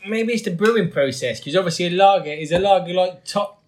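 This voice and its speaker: Guy, fairly high voice, jokey and sweary, laughing a lot in casual beer chat. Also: fairly quick, slight background noise. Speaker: beer review co-host.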